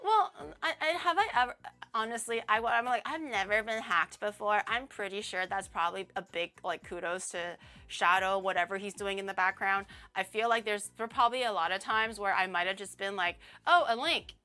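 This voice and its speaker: A woman's voice: medium pitch, a little fast, sharp tone. A young woman streamer telling a story in a casual, rambling way, often laughing as she goes.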